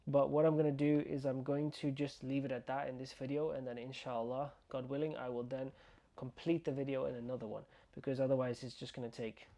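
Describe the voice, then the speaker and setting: A man's voice: mid-range voice, flat delivery, dark tone. Patient male Arabic teacher. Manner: patient, repeats words slowly and stretches sounds. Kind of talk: online pronunciation lesson.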